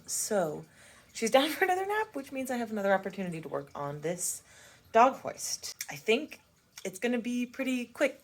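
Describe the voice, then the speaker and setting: A woman's voice: medium pitch, rough recording. A young woman casually narrating a sewing vlog in a chatty, self-deprecating way. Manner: chatty, self-deprecating, coos at her dog. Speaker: crafting vlogger.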